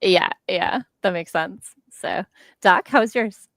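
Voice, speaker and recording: A woman hosting a casual writing stream chat, upbeat and quick to laugh. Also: medium pitch, fairly bright tone, no room sound. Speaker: stream host.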